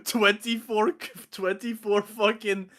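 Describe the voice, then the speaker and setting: A man's voice: sits high, level tone, measured pace, fairly bright tone. A young Dutch man hosting a casual stream chat, laughing as he rambles through comedy scenes. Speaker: streamer host.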